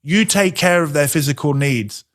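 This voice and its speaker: A man teaching a sermon in a conversational way, asking rhetorical questions and slowing down to stress his points. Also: on the high side, a bit bright.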